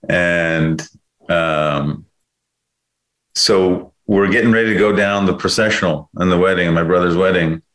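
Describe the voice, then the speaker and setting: A man's voice: low voice, fairly bright tone. A man in his thirties, a guest telling a personal story candidly, swearing freely and correcting himself as he goes. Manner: frank, swears freely, rambling self-corrections.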